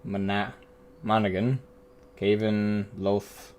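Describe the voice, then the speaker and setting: A man's voice: fairly low pitch, level tone, takes it slowly, a little mellow. A man streaming a game, chatting casually in a rambling, profane way, often correcting himself. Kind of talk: casual live-stream chat.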